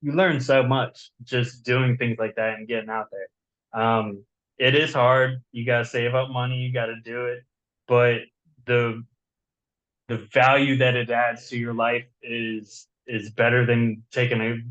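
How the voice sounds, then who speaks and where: A man's voice: mid-range voice, flat delivery, a little slow, fairly bright tone, muffled recording. A man with a slight Southern accent, chatting as a guest author in a rambling, enthusiastic way and often repeating words. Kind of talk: casual chat.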